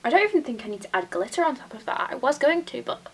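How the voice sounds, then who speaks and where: A young British woman chatting casually while doing her makeup, often dropping into soft whispers. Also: sits high, very animated, fast talker, slight background noise. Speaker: beauty vlogger. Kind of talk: casual get-ready-with-me chat.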